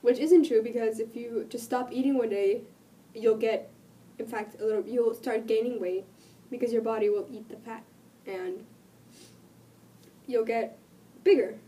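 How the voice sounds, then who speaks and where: A woman vlogging while sick, her voice cracking and dropping out, talking earnestly and rambling with many pauses. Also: fairly high pitch, steady tone, warm tone, recorded from a distance. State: sick, voice cutting in and out. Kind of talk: casual talk to camera.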